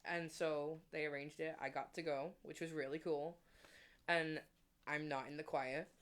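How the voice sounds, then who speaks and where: An English woman who is a guest musician chats casually, telling stories in a low-pitched, unhurried voice. She is an animated storyteller and laughs often.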